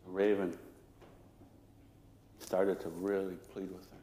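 A male storyteller tells a traditional legend aloud at a live talk. His voice sits high and swings widely as he narrates playfully at an unhurried pace. The sound echoes around a lecture hall. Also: very animated, a little mellow, a little hiss or hum.

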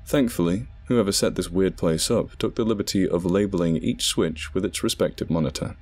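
A man narrating a scripted horror story in a measured, dramatic way. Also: sits low, a little mellow, slightly rough. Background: background music.

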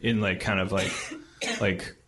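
A man in his thirties from the United States, hosting a podcast with halting, self-correcting comic talk. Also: low-pitched, fairly even intonation, bright, forceful tone, slight background noise. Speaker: podcast host. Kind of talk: rambling comedic talk.

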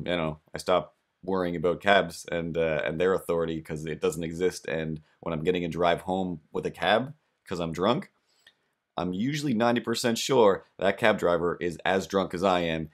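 Low-voiced rambling podcast host. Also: male voice. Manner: rambling, self-deprecating. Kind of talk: comic storytelling monologue.

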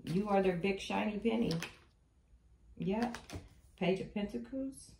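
A woman's voice: mid-range voice, unhurried, gravelly, dark tone. A woman giving a spiritual tarot reading to viewers, emphatic and repetitive as she tells the story of the cards. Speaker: tarot reader. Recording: echoey room, faint noise.

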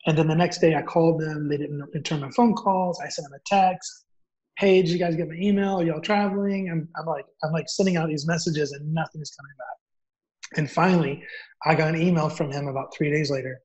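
A man telling a story as a guest author, acting out the dialogue in an animated way. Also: a little high, a little fast. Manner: animated, acts out quoted dialogue. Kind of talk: storytelling in an interview. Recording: dull lo-fi audio.

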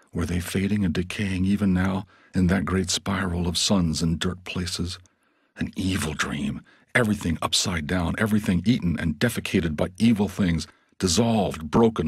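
Deep, husky male audiobook narrator. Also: dry recording.

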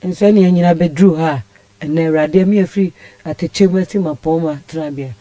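A woman's voice: sits low, normal speed, mellow, dry recording. A Ghanaian woman telling a personal story as a radio guest, impassioned and rambling. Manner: impassioned, rambling, switches languages. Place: radio studio.

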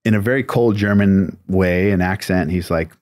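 A man's voice: sits low, moderate pace, darkish tone, no room sound, clean studio sound. A man, a tattoo artist from the United States, telling a long story in a casual, rambling interview manner with many fillers. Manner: laid-back, rambling, lots of "like" and "you know".

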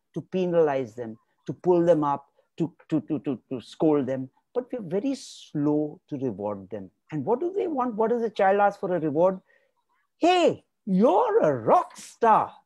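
Man, guest expert, motivational talk, emphatic, very animated pitch, dry close sound. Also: normal speed, hardly any pauses, dry recording. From India. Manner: emphatic, repeats key words for stress.

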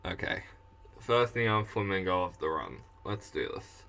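Joking Australian man, bright voice. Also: deep voice, very animated, a little slow, vocal fry, a little hiss or hum. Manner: self-mocking, joking. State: sore throat, coughing. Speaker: YouTuber voicing game characters. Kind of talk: casual comedic commentary.

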